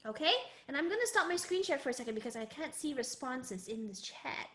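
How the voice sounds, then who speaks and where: A woman teaching a live online music and Mandarin lesson to children in an animated, sing-song manner. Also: sits high, fairly quick, echoey room. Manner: animated, sing-song, calls herself in third person. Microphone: video call.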